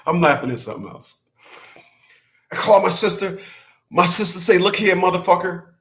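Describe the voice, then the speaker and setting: High-voiced man ranting profanely. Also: expressive, moderate pace, fairly bright tone. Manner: profane, emphatic, repeats himself, laughs. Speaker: channel host. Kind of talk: casual livestream rant.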